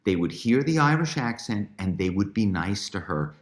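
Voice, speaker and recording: Middle-aged male guest, deep voice, rambling chatty delivery. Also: big pitch swings, normal speed. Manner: chatty, many fillers and restarts. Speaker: guest, author and former corporate spy. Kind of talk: storytelling interview.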